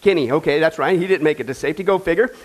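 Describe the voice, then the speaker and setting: A man's voice: on the high side, racing. A man, a pastor, preaching a sermon in a folksy, joking way and calling his congregation folks. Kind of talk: sermon with a joke. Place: church.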